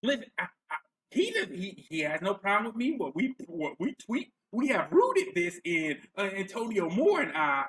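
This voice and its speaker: A woman's voice: medium pitch, sing-song, normal speed, fairly bright tone, husky. A man doing a mocking impression of a defensive woman podcast host who stammers and keeps repeating herself. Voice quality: repetitive, stammering.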